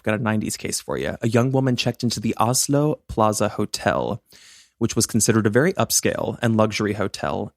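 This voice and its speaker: A man's voice: on the low side, gravelly, no echo, studio quality. A man co-hosting a true-crime podcast in casual chat, chatty and bubbly, joking and rambling. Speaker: podcast co-host.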